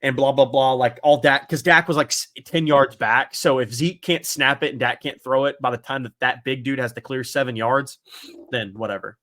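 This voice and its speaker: A man hosts a football podcast in loose, rambling chat. He swears freely, laughs often and leans on filler words. His voice is bright and edgy, recorded close and dry with no room sound. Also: medium pitch, steady tone, moderate pace, dry recording. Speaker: podcast host.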